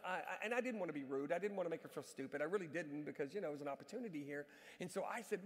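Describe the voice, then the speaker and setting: High-voiced man preaching in a reverberant hall. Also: fast talker. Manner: animated, self-mocking storyteller; says he can be loud. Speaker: traveling church speaker. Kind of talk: sermon storytelling.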